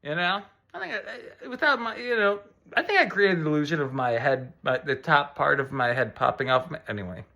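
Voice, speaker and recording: A man from Buffalo performing stand-up, rambling and swearing freely. His voice swings widely in pitch and has a bright, forceful edge. He plays out both sides of a scene himself. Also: animated, brisk. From Buffalo, New York. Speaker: stand-up comedian. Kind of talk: stand-up comedy.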